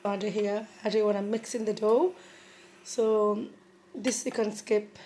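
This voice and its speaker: A woman hosting a casual home cooking tutorial with a croaky voice from a sore throat, chatty and repeating herself with many ums. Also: mid-range voice, level tone, measured pace, mellow, slight background noise. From Bangladesh.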